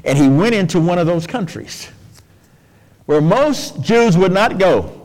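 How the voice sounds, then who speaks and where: Male pastor, sermon, slow unhurried delivery, very animated pitch, folksy asides, long hall reverb. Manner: expressive preaching, swinging from soft low phrases to sudden high emphatic ones.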